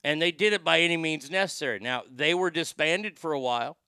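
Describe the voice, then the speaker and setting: A man's voice: a little high, a little fast, sharp tone, smooth, no room sound, clean studio sound. A man hosting a show, giving a brash, profane, rambling opinion monologue.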